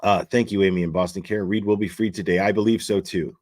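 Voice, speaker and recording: A man hosting a live commentary stream, talking in a halting way with many fillers and restarts as he reads viewer messages. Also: low-pitched, fairly even intonation, darkish tone. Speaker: livestream host.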